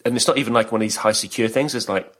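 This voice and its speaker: A man's voice: mid-range voice, racing, a bit bright. A middle-aged man from Britain, co-hosting a podcast and telling stories in casual chat, laughing often. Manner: chatty storyteller, laughs often. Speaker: podcast co-host.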